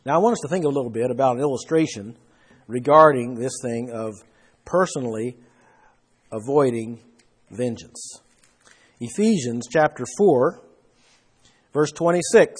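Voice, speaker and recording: A man's voice: mid-range voice, unhurried, pauses often, husky. A man preaching a Bible sermon, explaining verses with emphatic rises in his voice. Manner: emphatic, rising for stress.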